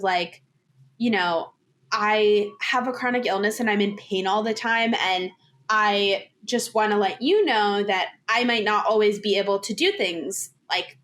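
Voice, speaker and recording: A woman's voice: mid-range voice, fairly bright tone. A woman in her twenties, a podcast guest talking candidly and casually, with lots of filler words. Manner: chatty, candid, heavy use of "like".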